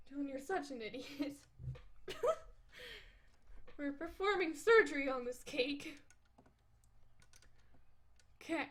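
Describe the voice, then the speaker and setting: A woman's voice: high voice, fairly bright tone. A woman reading a webcomic aloud on a stream, often breaking off to laugh and comment. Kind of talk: casual read-aloud with asides. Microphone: desk microphone.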